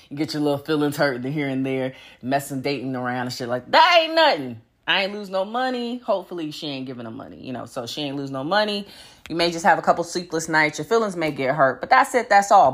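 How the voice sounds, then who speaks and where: Animated, profane woman ranting on her podcast. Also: brisk. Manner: blunt and profane, swinging between loud emphasis and low muttering; laughs between points. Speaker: podcast host. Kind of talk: casual solo podcast rant.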